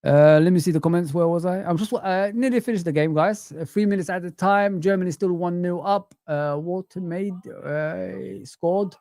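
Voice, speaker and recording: A man's voice: sits high, normal speed, creaky, hardly any pauses, dark tone, dry recording. A young man hosting a casual live stream, ranting, repeating himself and reading viewer comments aloud.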